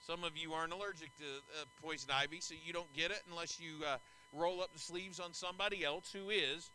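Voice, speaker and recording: A man's voice: a little high, steady tone, brisk, sharp tone, slight background noise, poor audio. A middle-aged man preaching a sermon as pastor, telling folksy, anecdotal stories to his congregation.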